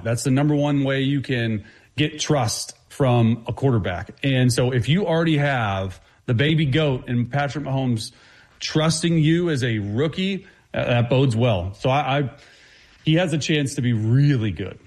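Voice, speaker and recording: A man who is a guest football analyst, talking quickly and confidently through his breakdown, with frequent restarts. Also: mid-range voice, a little mellow. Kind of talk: casual sports talk.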